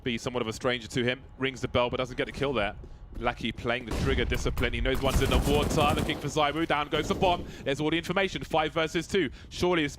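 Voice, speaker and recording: A man commentating a competitive shooter match, building to excited calls during big plays. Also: on the high side. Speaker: esports caster. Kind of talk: play-by-play commentary. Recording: noisy game sounds behind. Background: gunfire and game sounds.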